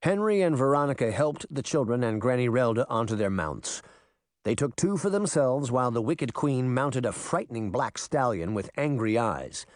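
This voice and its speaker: A man narrating a storybook chapter in a lively, expressive reading. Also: medium pitch, moderate pace, no echo, studio quality. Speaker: audiobook narrator. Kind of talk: scripted narration.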